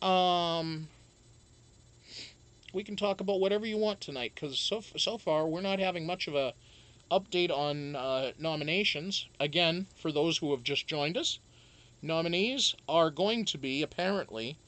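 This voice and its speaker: A man's voice: fairly high pitch, moderate pace, a bit bright. A man hosting a live stream, telling a rambling, profane story and answering chat casually. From Wisconsin.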